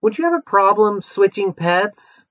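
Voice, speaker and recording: A brisk corporate interviewer who talks down to the applicant with deadpan condescension, voiced by a man in a comedy sketch. The pitch swings widely from line to line. The sound is dry and a little muffled. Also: no echo. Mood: condescending. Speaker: job interviewer.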